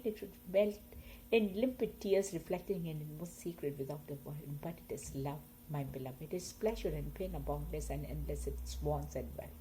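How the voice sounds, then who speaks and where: A woman reading poems aloud, slow and expressive, her loudness swelling and fading with the lines. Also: mid-range voice, a little hiss or hum, rough recording. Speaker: poetry reader. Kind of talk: poetry reading.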